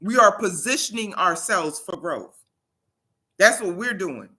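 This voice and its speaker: Woman, motivational livestream host; bright, forceful delivery, emphatic and preacherly. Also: mid-range voice, lively intonation, measured pace. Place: home in South Carolina.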